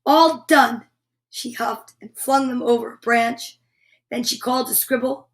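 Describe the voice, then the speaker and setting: A woman reading a picture book aloud to children, expressive, with exclaimed asides. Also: on the high side, moderate pace. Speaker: children's storyteller.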